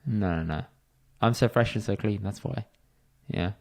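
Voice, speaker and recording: A man's voice: fairly low pitch, moderate pace, vocal fry, darkish tone. Playful London man co-hosting a podcast. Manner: playful, teasing, with a rising showman's sing-song intro. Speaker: podcast co-host. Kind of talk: casual podcast banter.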